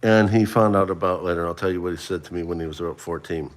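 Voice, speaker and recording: A middle-aged man with a deep voice talks fast as he hosts a casual livestream. He chats and runs a trivia quiz, calling on viewers by name.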